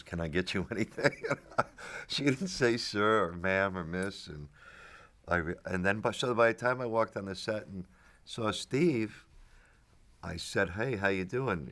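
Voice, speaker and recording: A middle-aged actor being interviewed, his voice low and rough with a gravelly edge. He rambles through stories with restarts and chuckles. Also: a bit bright. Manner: rambling storyteller with restarts and laughs. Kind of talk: casual anecdotal interview.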